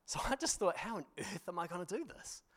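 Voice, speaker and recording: A man with a fairly high voice preaches to his congregation. He tells stories in an animated, self-deprecating way, laughing at himself, and keeps checking in with his listeners. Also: a little fast. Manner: addresses congregation with frequent "you know" and "hmm?". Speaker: pastor. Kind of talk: storytelling sermon.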